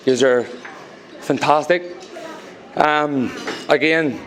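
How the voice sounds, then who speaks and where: Groom giving a halting, teary wedding speech. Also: male voice, on the high side, a bit bright, slight background noise. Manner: halting, many ums, teary and joking. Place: wedding reception hall with guests.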